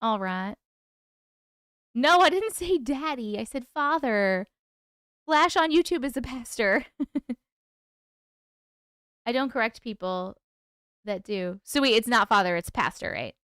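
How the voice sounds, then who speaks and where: A woman's voice: on the high side, lively intonation, unhurried, long pauses, a bit bright, clean tone, no echo, studio quality. A woman hosting a casual live stream, chatting bubbly and thanking viewers by name. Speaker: livestream host.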